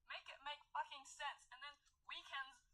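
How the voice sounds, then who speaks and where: High bright exasperated young woman ranting. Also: steady tone, moderate pace, poor audio. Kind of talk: venting monologue clip.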